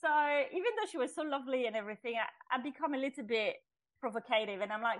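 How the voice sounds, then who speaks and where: Woman guest on a podcast, middle-aged, chatty and animated, keeps restarting her sentences. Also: a little high, fast talker, low-quality recording. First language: French. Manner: chatty, with restarts and laughs, acts out her past self in quotes. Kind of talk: personal testimony in an interview.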